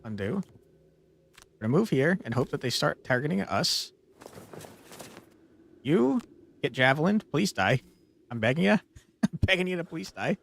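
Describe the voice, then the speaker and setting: A man streaming a tactical board game, commentating as he plays and often swearing and yelling at the game in frustration. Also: fairly high pitch, very animated, moderate pace, gravelly, pauses often. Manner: exasperated, swears and yells at the game. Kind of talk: gameplay commentary.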